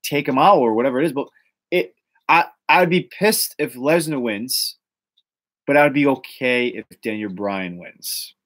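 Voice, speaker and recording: A man's voice: mid-range voice, measured pace, a bit bright. A man from Boston with a Boston accent, hosting a casual wrestling rumor podcast, rambling with lots of fillers and restarts. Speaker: podcast host.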